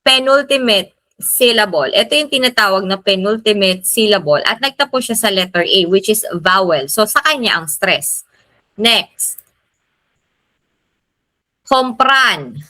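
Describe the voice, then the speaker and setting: A Filipino woman teaching a recorded lesson, explaining slowly and repeating key terms. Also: medium pitch, expressive, bright, forceful tone, no echo. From Philippines. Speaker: Spanish teacher. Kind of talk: recorded lecture in Taglish.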